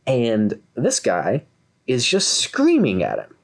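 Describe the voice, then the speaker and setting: A man's voice: mid-range voice, slow pace, creaky, husky. A man in his twenties, co-host of a podcast, telling a story in a casual way and acting out the voices of the people in it. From Kentucky, USA. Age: 20s. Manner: animated, acts out quoted voices.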